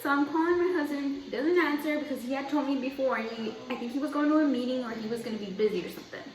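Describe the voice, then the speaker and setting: Young woman vlogger, fairly high voice, chatty rambling storyteller; roomy echo, mic set back from her. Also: fast talker. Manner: chatty, rambling, heavy use of "like". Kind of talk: casual storytelling. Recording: echoey room, mic at a distance.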